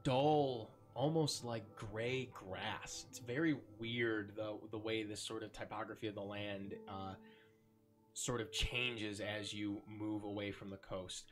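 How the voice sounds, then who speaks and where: A man running a tabletop game as game master, describing scenes slowly with many ums and likes. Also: fairly low pitch, steady tone, faint music behind.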